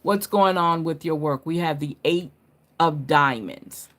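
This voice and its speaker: A woman's voice: low voice, unhurried, a bit bright. Woman doing a live card reading, chatty, keeps saying right? and okay?. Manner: chatty, repeats "right?" and "okay?", laughs at own slips. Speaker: card reader.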